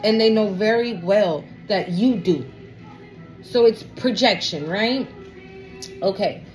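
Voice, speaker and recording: A woman's voice: medium pitch, slow pace, darkish tone, soft background music, poor audio. A woman reading tarot for a collective, casually retelling a story with lots of swearing and a habit of asking "right?". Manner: chatty, profane, keeps asking "right?". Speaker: tarot reader addressing a collective.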